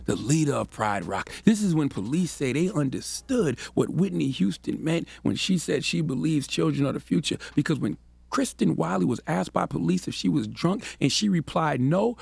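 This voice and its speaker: A man's voice: fairly high pitch, vocal fry, darkish tone, breathy edge, no room sound. A man co-hosting a morning radio show, telling a news story as a playful, mocking comedy bit into a studio microphone.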